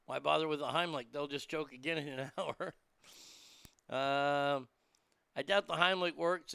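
Gravelly-voiced man riffing crude jokes. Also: fairly high pitch, bright, forceful tone, dry recording. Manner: crude, mocking jokes with chuckles.

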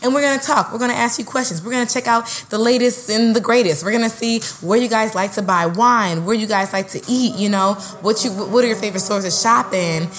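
A woman co-hosting a podcast in casual chat, lively and playful, laughing and bantering with her co-host. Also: a little high, brisk, few pauses, faint music behind. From New York.

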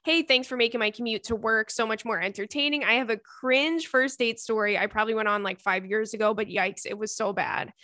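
A woman's voice: a little high, a little fast, hardly any pauses, bright, forceful tone, no echo, clean studio sound. A young woman hosting a podcast in casual, chatty talk, reading listener emails aloud with lots of fillers and swearing. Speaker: podcast host.

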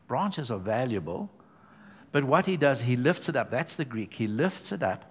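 A male pastor preaching a sermon in a church. His pitch sits in the middle range for a man, and he talks emphatically and conversationally, checking in with the congregation as he teaches. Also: big pitch swings, normal speed, slightly rough.

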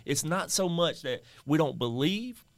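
A man's voice: a little high, animated, unhurried, no room sound. A man co-hosting a faith podcast, exhorting listeners directly in an emphatic, preacher-like way. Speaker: podcast co-host.

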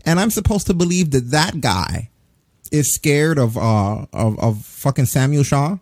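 A man's voice: medium pitch, lively intonation, measured pace, a little mellow, no room sound. A man in his forties ranting profanely in a casual podcast chat. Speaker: podcast co-host. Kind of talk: casual wrestling review chat.

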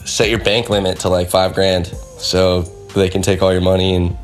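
A young man with a deep voice, a pro skateboarder appearing as a podcast guest, tells a story at normal speed with little pitch movement while soft music plays behind him. He rambles casually, packing in fillers and swearing, and acts out the voices of people in the story.

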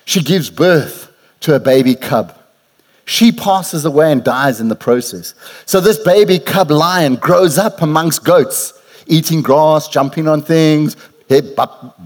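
A man preaching a lively sermon to a church congregation. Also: a little high. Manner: lively preacher, rising to emphatic call-and-response. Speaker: pastor.

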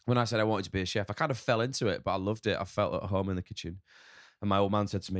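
Man, northern English accent, very low voice, blunt and sweary, dry close sound. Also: fairly even intonation, racing, few pauses, no room sound. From north of England. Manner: swears a lot, frank and rambling. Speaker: chef guest. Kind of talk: casual podcast interview.

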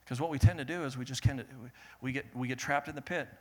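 Young man preaching, bright voice, animated, swings between loud and hushed. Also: medium pitch, fast talker. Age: young adult. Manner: animated, laughing, builds to loud peaks then drops to soft earnest tone. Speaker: pastor. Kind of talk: sermon.

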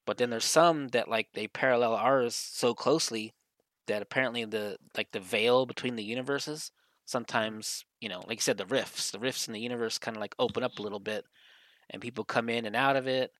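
A man's voice: mid-range voice, brisk, a bit bright, no echo. A man co-hosting a podcast, telling a story in casual chat and filling his sentences with "like". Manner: rambling storyteller, heavy use of "like". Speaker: podcast co-host.

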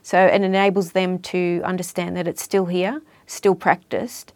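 A woman's voice: fairly low pitch, little pitch movement, a little slow, dry recording. A woman talking casually as an interview guest about language and culture, explaining things in a chatty way. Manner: chatty, explanatory, trails off at ends of points.

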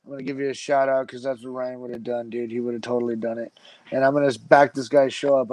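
A man's voice: medium pitch, level tone, fast, darkish tone, dry recording, low-quality recording. A middle-aged man saying casual goodbyes, laid-back and drawling with lots of filler words. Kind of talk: casual sign-off chat.

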